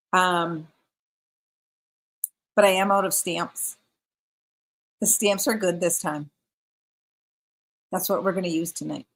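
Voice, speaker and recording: A woman with a lowish, fairly bright voice hosts a live craft stream, chatting casually and reading viewer comments aloud.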